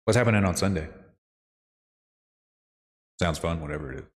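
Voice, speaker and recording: A man with a deep voice streams a game and talks with his audience at a moderate pace, lively and unfiltered, with plenty of swearing. The room is echoey, leaving a long reverb on everything he says.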